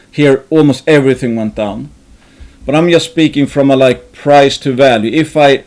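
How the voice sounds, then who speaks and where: This is a man talking through his investment ideas in a loose, rambling way. He restarts sentences often and slips in casual swearing. His voice sits at an ordinary middle pitch. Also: darkish tone. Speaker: investing channel host. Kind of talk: thinking aloud about investing.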